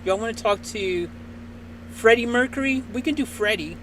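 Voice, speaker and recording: A man's voice: high voice, moderate pace, slight background noise. A man hosting a livestream, chatting casually and teasing a voice chatbot in a rambling, playful way. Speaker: livestream host.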